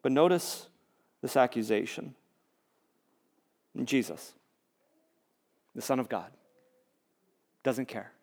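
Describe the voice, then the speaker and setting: A man preaching a sermon as a pastor, talking conversationally, building to emphatic repeated lines and dropping to hushed near-whispers. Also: mid-range voice, expressive, takes it slowly, long pauses.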